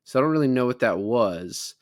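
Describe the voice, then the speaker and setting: A man's voice: mid-range voice, animated, fairly quick, dry recording, studio quality. A man co-hosting a podcast, casually recapping a film and quoting its lines in a rambling way. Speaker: podcast co-host. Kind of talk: casual movie recap chat.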